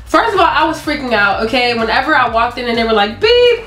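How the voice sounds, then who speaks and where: A teenage woman co-hosting a vlog, telling stories in a gushing, excitable, casual way. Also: on the high side, quick pace. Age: teens. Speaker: co-host of a vlog channel. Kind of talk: casual chat. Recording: roomy echo, faint background music.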